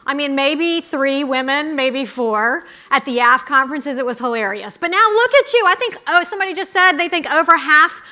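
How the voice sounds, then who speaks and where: A middle-aged woman giving a chatty, brisk speech to a student audience, full of asides. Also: sits high, sharp tone. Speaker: conference speaker.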